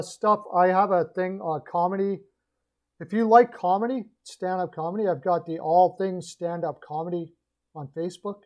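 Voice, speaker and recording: A man's voice: high-pitched, dull audio. A man hosting a casual hockey livestream, rambling and opinionated, often restarting his sentences. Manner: rambling, opinionated, self-correcting. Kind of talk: casual sports betting and hockey rant.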